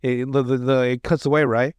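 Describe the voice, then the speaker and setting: A man's voice: mid-range voice, level tone, fairly quick, smooth, no room sound. A man hosting a podcast, retelling comedy sketches in casual chat, rambling and profane, with lots of restarts. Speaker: podcast host.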